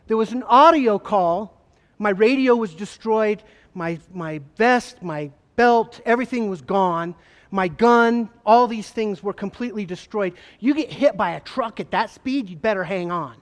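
A man, a former state trooper, gives an emotional personal testimony to an audience, telling it earnestly with halting repeats. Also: high voice. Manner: earnest, halting storytelling with repetitions. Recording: long hall reverb.

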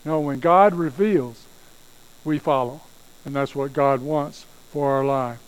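Emphatic male pastor, higher voice. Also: measured pace, darkish tone, rough recording. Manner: emphatic preaching, acts out quoted voices. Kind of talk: sermon.

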